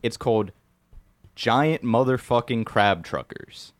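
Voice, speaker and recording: A man's voice: mid-range voice, normal speed, no room sound. A man running a tabletop game as game master, explaining rules in a casual, profane way. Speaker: game master for the one-shot.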